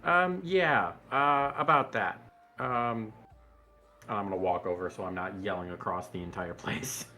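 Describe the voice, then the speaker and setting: Slow, bright-toned male player. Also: fairly low pitch, soft background music. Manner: hesitant, halting. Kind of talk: casual tabletop play.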